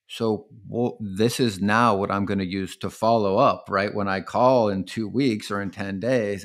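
A man's voice: lowish voice, fairly even intonation, a little slow, few pauses. A man co-hosting a podcast and coaching sales calls in casual chat, often tagging points with a rhetorical question. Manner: coaching, rhetorical "right?" tags.

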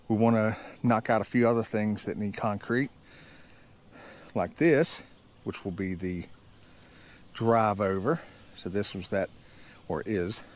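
A man's voice: fairly low pitch, darkish tone, slight background noise. A middle-aged man casually narrating his construction project, plain-spoken and explaining each step as he goes. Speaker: builder and channel host.

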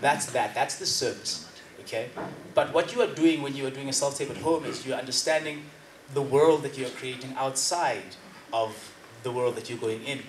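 A South African man gives an energetic acting masterclass to an audience at an event venue, speaking emphatically and reciting poetry dramatically. His mid-range voice moves at normal speed, recorded from far off in an echoey room with a little hiss or hum.

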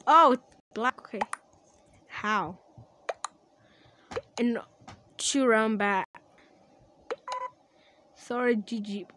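A woman talks her way through an online game in loose, casual commentary, drawing out her words at an easy pace. She breaks into laughs and shouts whenever something happens. There's a steady hiss of noise under the recording. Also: on the high side, very slow, long pauses, low-quality recording. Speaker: gaming channel creator.

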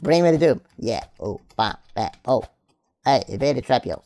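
A woman's voice: very deep voice, lively intonation, normal speed, warm tone. A woman from Sweden hosting a gaming channel, giving playful Let's Play commentary full of silly rhymes and sing-song wordplay.

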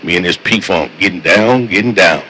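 Very low voiced trucker, slangy and easy going, faint hiss behind. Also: male voice, normal speed, sharp tone, low-quality recording. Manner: laid-back, slangy, repeats catchphrases. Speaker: CB radio trucker. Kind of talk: casual CB radio chat.

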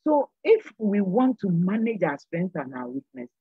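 A woman's voice: mid-range voice, sing-song, unhurried, creaky, slightly rough, dry recording, narrow, tinny audio. An older woman speaking as a guest on a church program, giving an earnest, sermon-like exhortation and repeating phrases for emphasis. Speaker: panel guest.

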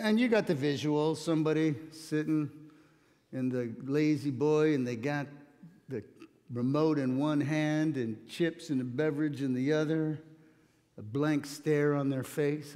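Reading scripture and then preaching, a male pastor tells plain stories sprinkled with light humor. His voice is fairly high with a darkish tone, and the church sanctuary around him echoes with long hall reverb.

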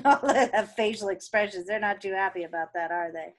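A woman from an elementary school reading a picture book aloud to children, with playful, expressive asides and chatty comments. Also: medium pitch, a little fast. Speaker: elementary school staff member.

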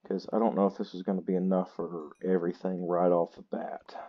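A tired man, chatting slowly and poking fun at himself while he plays a game. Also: deep voice, little pitch movement, dull audio. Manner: slow, chatty and self-mocking. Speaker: gaming channel host. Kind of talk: casual gameplay commentary.

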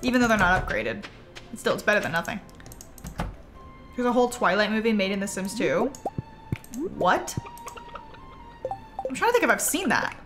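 A woman's voice: medium pitch, very animated, moderate pace, long pauses. A young woman streaming a farming game, chatting casually and bubbly with her viewers, with gasps and trailing asides. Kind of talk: casual gameplay chat with viewers. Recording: music playing in the background.

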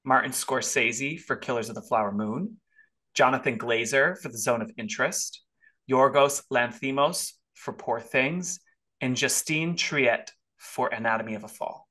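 A man hosting a podcast in casual chat, rambling with fillers and breaking into sudden exclamations. His voice is bright and forceful, at a middle pitch. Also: a little slow. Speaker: podcast host.

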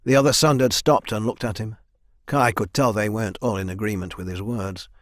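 A man narrating a fantasy audiobook in an even, measured storytelling manner. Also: fairly low pitch, no echo, studio quality. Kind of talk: scripted narration.

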